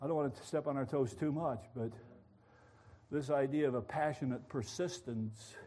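A man preaching a sermon, telling a story with animated passion. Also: medium pitch, normal speed. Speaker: pastor.

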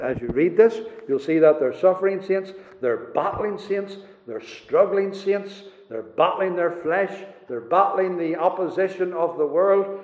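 A man's voice: high-pitched, a little mellow. A man preaching a sermon, building emphasis with repeated rhetorical questions. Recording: roomy hall, dull lo-fi sound.

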